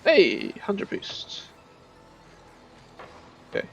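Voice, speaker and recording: A man giving casual gameplay commentary as a streamer, chatty and self-mocking, with bursts of excited shouting. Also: a little high, a little slow, long pauses, lo-fi sound, faint music behind.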